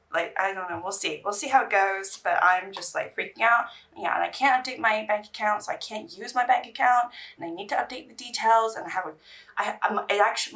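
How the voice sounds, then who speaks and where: A woman's voice: medium pitch, vocal fry, sharp tone, recorded from a distance. A woman from England, chatting in a rambling way while doing her makeup on camera. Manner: chatty, rambling, restarts sentences. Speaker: beauty vlogger.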